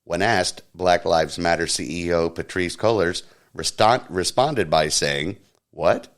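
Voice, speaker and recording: A man hosting a podcast, reading a satirical news roundup in a deadpan newsreader manner. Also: sits low, measured pace. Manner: deadpan mock newsreader, puts on silly voices for quotes. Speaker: podcast host.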